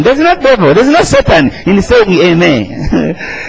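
A man's voice: sits high, sing-song, normal speed, vocal fry, low-quality recording. A man, preaching an emphatic sermon and calling the congregation to answer back. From Uganda. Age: 40s.

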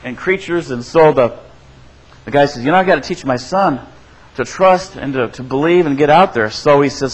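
A man's voice: expressive, normal speed, low-quality recording. A man preaching a sermon as a pastor, conversational and often checking in with his listeners. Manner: conversational, asks the congregation "right?"; acts out quoted voices with shifts in pitch and loudness.

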